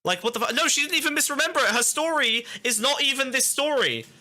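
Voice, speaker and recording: Incredulous bright-voiced man. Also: extremely high pitch, fast. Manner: incredulous, animated, sweary. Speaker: podcast co-host. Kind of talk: casual reaction commentary.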